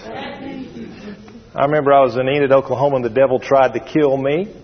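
A man with a medium-pitched voice and fairly even intonation preaches very fast to a church congregation, emphatic and repetitive while calling for responses. The sound is dull and lo-fi, with a long hall reverb.

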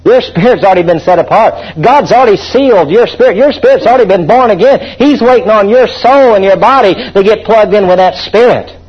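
A fervent preacher with a high, husky voice drives his sermon, calling on the congregation to answer back. The recording is dull and lo-fi. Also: a little fast, few pauses.

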